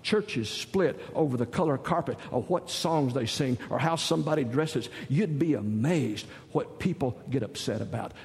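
A man's voice: medium pitch, expressive, moderate pace, few pauses, darkish tone. Middle-aged man, pastor, folksy joking sermon, mid-range voice, long hall reverb. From Southern United States.

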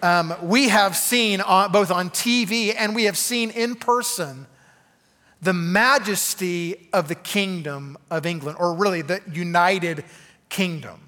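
A man's voice: sits high, takes it slowly, sharp tone, long reverb tail. A man preaching a conversational sermon, full of "okay?" asides to the congregation. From Arkansas. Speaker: pastor.

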